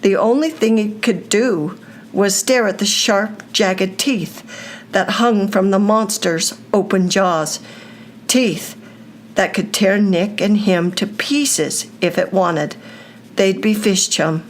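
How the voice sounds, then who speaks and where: An older woman reading a children's story aloud, with a slow, deliberate storytelling delivery. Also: mid-range voice, a little hiss or hum.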